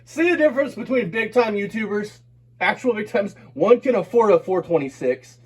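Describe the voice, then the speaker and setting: A man's voice: sits high, expressive, normal speed, slightly rough. A man doing crude, mocking commentary over a played clip, swearing and laughing often. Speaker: co-host roasting a video.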